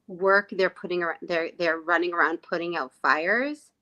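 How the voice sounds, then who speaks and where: A woman guest on a podcast, talking reflectively and often pausing to find her words. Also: on the low side, steady tone, sharp tone, highs cut off. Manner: reflective, searching for words, many fillers. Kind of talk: conversational podcast chat.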